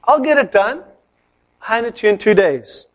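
A man's voice: high-pitched, lively intonation, normal speed, pitched above the performer's own voice. A man voicing a cocky young male student who talks in a breezy, offhand way.

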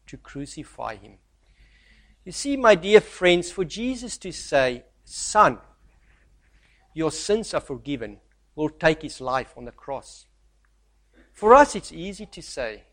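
A man preaching a sermon who reads scripture aloud and swings from loud, stressed lines to soft, near-hushed asides. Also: on the high side.

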